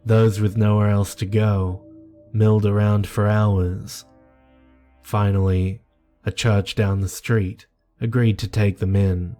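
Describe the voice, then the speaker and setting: Guy reading a creepy story real slow and even, low dark voice, soft music under it. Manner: measured, grave storytelling. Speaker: horror story narrator. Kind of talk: scripted horror narration. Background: faint music.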